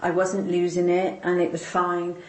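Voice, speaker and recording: A woman with a somewhat low voice recounts a deeply personal story, her words halting and repeating as emotion rises. The room around her gives her voice a noticeable echo. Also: monotone, darkish tone. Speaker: interviewee. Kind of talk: personal faith testimony. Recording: roomy echo.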